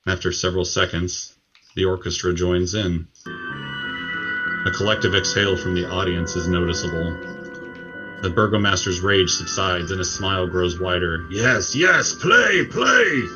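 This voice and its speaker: A man acting as game master, telling the scene in a measured way with occasional "uh" fillers. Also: deep voice, little pitch movement, muffled recording, music in the background. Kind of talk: narrating a tabletop game.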